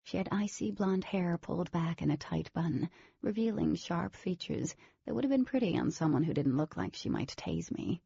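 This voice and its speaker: A woman's voice: on the low side, animated, normal speed, creaky, warm tone, slightly rough, dry recording, lo-fi sound, full character voice. A woman narrating a novel as a wary teenage girl, in scripted audiobook style.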